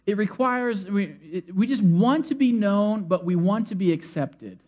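A man preaching a sermon to his congregation, telling stories in a conversational, animated way, asking the crowd questions and repeating phrases for emphasis. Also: high voice, unhurried. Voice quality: conversational, animated storytelling with acted-out cries. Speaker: pastor.

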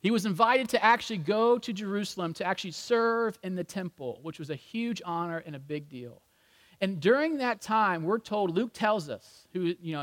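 A male pastor preaching a sermon in a church with humorous, conversational storytelling. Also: sits high. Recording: long reverb in a large hall.

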